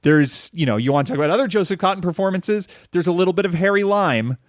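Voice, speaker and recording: A man's voice: high-pitched, expressive, fast, dry recording, clean studio sound. A man hosting a casual film podcast, talking in a rambling, profane way with lots of fillers and restarts. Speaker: podcast host.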